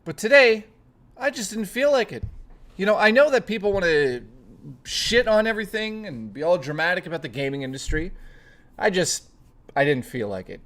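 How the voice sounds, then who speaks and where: A man's voice: high-pitched, expressive, normal speed, fairly bright tone. A man hosting a casual chat stream, rambling and joking with plenty of swearing, greeting chat readers by name. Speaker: livestream host.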